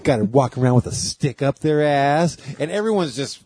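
A man's voice: medium pitch, lively intonation, normal speed, few pauses, warm tone, breathy edge, no room sound. A man who does stand-up comedy, telling a rambling story in casual chat and laughing along.

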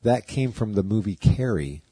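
A man hosts a loose podcast chat, rambling and cursing as he laughs along. His voice is a little husky and swings widely in pitch. The sound is dry and close. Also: animated, normal speed, warm tone, dry recording. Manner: rambling, profane, laughs often. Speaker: podcast host. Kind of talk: casual stoner chat.

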